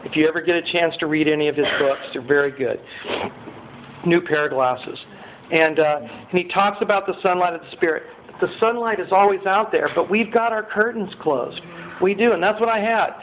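A man giving a personal testimony at a recovery meeting. He tells his story in an animated way, swinging from loud excitement to quiet earnestness. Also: high-pitched, fairly quick. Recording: tinny lo-fi recording with faint hiss.

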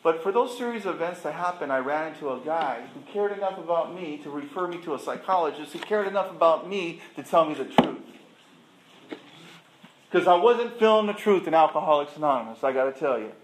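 A little high and lively in intonation, his fairly quick speech carries a faint hiss or hum. The middle-aged speaker shares his recovery story in an echoey room, telling it emphatically and posing rhetorical questions to the audience.

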